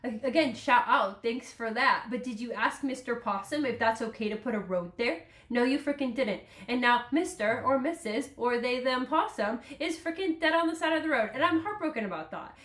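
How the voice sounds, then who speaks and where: A woman's voice: on the high side, animated, moderate pace, hardly any pauses, fairly bright tone, reverberant. A woman hosting a podcast, chatting casually and emotionally, rambling and laughing often. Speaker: podcast host. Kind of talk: casual solo podcast chat.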